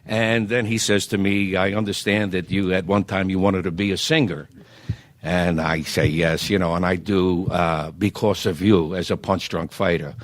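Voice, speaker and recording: A man's voice: sits low, steady tone, normal speed. An older man from South Philadelphia telling showbiz stories in a casual interview, rambling with many fillers and restarts. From South Philadelphia, USA. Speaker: guest entertainer.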